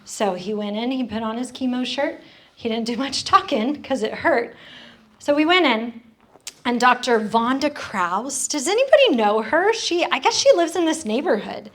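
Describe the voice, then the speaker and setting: A woman's voice: high voice, lively intonation, normal speed, fairly bright tone. A woman speaking to a church women's group, telling a personal story in a conversational way and putting questions to the audience. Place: church hall.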